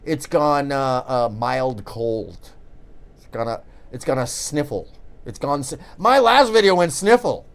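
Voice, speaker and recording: A man's voice: medium pitch, animated, measured pace, vocal fry. A man hosting a call-in commentary show, rambling and joking with frequent restarts. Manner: rambling, jokey, restarts often. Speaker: show host.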